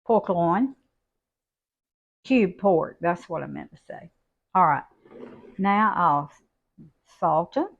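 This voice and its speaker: Slow-talking older woman cook. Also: lowish voice, animated, vocal fry, phone-quality sound. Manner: folksy, unhurried, homey talk. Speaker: cooking channel host. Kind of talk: home cooking demonstration.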